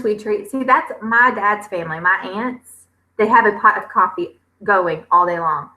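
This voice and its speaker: A woman, chatting casually on a livestream and reading viewers' comments aloud, with lots of fillers and pauses. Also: medium pitch, sharp tone, low-quality recording. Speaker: homestead vlogger hosting a livestream.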